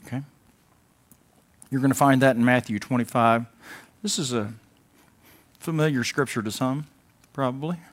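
A pastor preaching a sermon in a conversational way, moving between loud emphatic bursts and quiet asides, now and then mimicking whiny voices for a laugh. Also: male voice, medium pitch, steady tone, normal speed, pauses often. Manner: mimics whining voices in a comic way.

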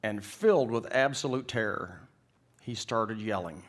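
A man's voice: lowish voice, measured pace. A middle-aged man preaching a sermon, telling stories in a folksy, joking way and acting out the people in them. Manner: folksy storytelling, acts out characters in the joke. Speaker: pastor. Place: church.

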